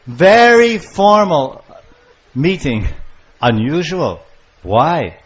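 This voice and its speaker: An older man giving a devotional lecture on scripture, storytelling with lively acted-out voices. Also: a little high, a little slow. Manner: animated storyteller, acting out lovers' calls. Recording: muffled lo-fi lecture recording.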